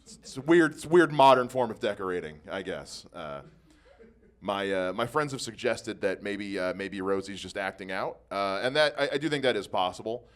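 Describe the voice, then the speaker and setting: A man's voice: on the low side, expressive, moderate pace. A man doing a stand-up comedy set, self-deprecating about his cat, dating and weight.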